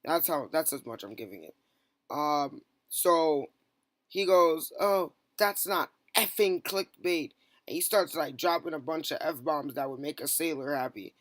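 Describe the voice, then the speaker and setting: In a casual vlog, a young man who moderates streams tells a rambling story, often restarting sentences and snapping into quick bursts of other people's lines. His bright, slightly high voice is recorded close and dry, with no room sound.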